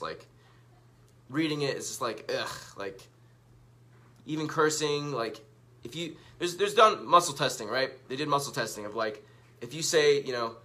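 Man in the middle of the range, bright and forceful tone, candid and profane storytelling vlog. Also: mid-range voice. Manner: candid, profane, self-mocking. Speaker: vlogger. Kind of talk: casual storytelling, reading out tweets.

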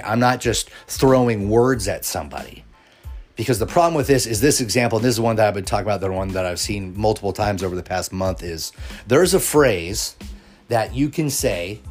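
A man hosts a solo podcast in a mid-pitched voice. He talks earnestly and loosely, restarting phrases and tossing rhetorical questions at his listeners, with faint music under him. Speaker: podcast host. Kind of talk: casual solo podcast monologue.

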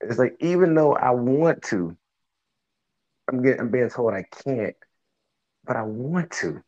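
A man's voice: medium pitch, lively intonation, measured pace, darkish tone. A man co-hosting a casual faith talk, musing aloud in rhetorical questions. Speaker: co-host. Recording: dull lo-fi sound.

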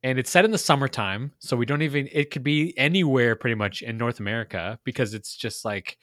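A man's voice: mid-range voice, fairly quick, a bit bright, dry recording. A man co-hosting a casual movie review chat, musing aloud with dry humor. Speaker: podcast co-host.

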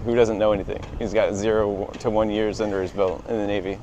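Guest, man, low voice, relaxed and halting, outdoor walk with faint street hum. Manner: easygoing, laughs often, hesitant restarts. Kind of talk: casual walk-and-talk chat.

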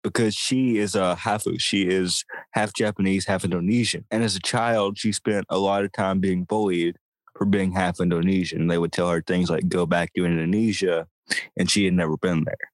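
A man's voice: sits low, fairly even intonation, normal speed, dry recording. A man co-hosting a casual podcast, filling in background knowledge with a dry, sarcastic streak. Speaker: podcast co-host. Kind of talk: casual chat.

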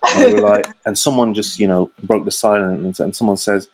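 A man's voice: fairly low pitch, fairly even intonation, fairly quick, slightly rough, low-quality recording. Slangy man telling a story. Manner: rambling, slangy, acts out the voices of the people in his story. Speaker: podcast guest storyteller. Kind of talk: casual anecdote telling.

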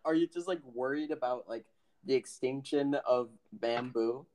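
A young man co-hosting a casual podcast, hesitant and stammering, quick to laugh. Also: medium pitch. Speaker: podcast co-host. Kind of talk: casual joking chat.

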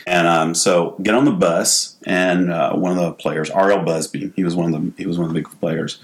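A man's voice: deep voice, steady tone, normal speed, slight background noise. A man with a Southern US accent telling funny stories on a casual podcast, laughing as he talks. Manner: drawling, laughs through his stories. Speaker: podcast host. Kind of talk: casual storytelling chat.

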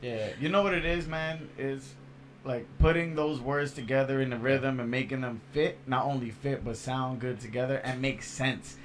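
A young man on a casual podcast, laid-back, opinionated and wry. His voice sits at an ordinary male pitch. A faint hum of noise sits in the background. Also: steady tone, normal speed. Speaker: podcast co-host, barber.

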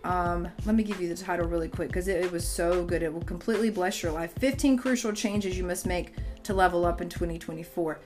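A woman's voice: fairly low pitch, brisk, few pauses, music in the background. A middle-aged woman hosting a podcast, talking in a casual, emphatic, preachy way about faith and fitness. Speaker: podcast host. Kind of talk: casual motivational podcast talk.

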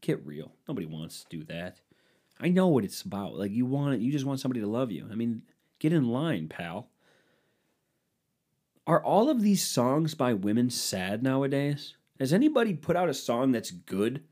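A man's voice: mid-range voice, sing-song, normal speed, a little mellow. A young man hosting a solo podcast, ranting sarcastically and crudely in a rambling way. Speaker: podcast host. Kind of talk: solo comedic rant.

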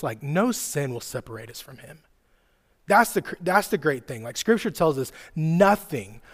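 A man in his thirties preaching to a church crowd in a loose, conversational way, leaning on "like" and "right?". His voice sits a bit high for a man. He moves from hushed, soft passages to bursts of loud, excited storytelling. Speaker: youth pastor. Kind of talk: sermon. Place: church hall with live audience.

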